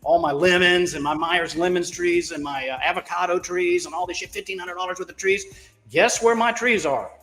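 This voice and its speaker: A man with a fairly high voice, telling stories in a loose, folksy way. He swears freely and pokes fun at himself. The voice trails off into a long reverb. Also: normal speed, fairly bright tone, faint music behind. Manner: profane, folksy and self-mocking. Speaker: caller on a crypto talk show. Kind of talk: casual rambling storytelling.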